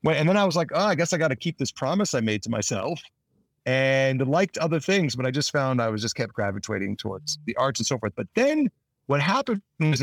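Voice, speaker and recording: There's no room sound around this man's mid-range voice. He's an actor being interviewed, wandering casually through stories, often starting his sentences over and acting out quotes in spirited voices.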